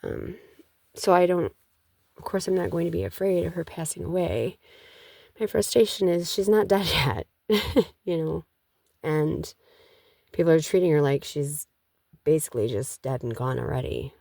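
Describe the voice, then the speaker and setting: A woman's voice: low voice, lively intonation, normal speed, gravelly, pauses often, a little mellow, no room sound, studio quality. A middle-aged woman chatting casually in a rambling way about spiritual matters, with many restarts. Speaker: vlogger.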